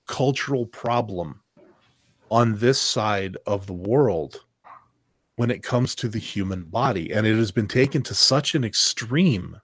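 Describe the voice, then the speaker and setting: A man hosting a podcast panel, rambling through his points with emphasis and a sarcastic edge. His voice sits at an ordinary pitch and is recorded close and completely dry, with no room sound. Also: breathy edge, no room sound. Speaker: podcast host. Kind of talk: casual panel discussion.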